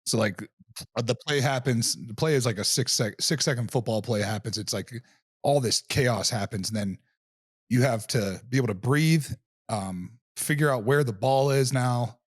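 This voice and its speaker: A man's voice: mid-range voice, moderate pace, husky, no room sound, studio quality. A man hosting a podcast, chatting casually and rambling through his own experience with many restarts. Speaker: podcast host. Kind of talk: casual chat.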